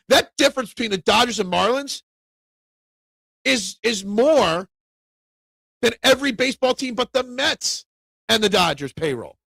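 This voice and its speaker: High, gravelly-voiced man hosting sports talk. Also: no echo. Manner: opinionated, animated, gets loud when ranting. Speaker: sports show host. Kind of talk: casual sports talk show, reading chat comments.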